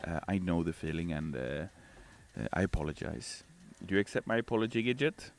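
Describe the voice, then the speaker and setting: A man's voice: low-pitched, animated, vocal fry. A man with a Swedish accent, a game developer live-streaming and reading chat, joking around in a playful, theatrical way. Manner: playful, theatrical, quick to put on silly voices.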